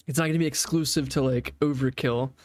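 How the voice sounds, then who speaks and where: Dude reacting to game dev stuff, loose rambly talk, mid voice, dead dry sound. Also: male voice, medium pitch, darkish tone, no room sound. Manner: rambling, loose, swears casually. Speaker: gaming reaction host. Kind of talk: casual reaction commentary.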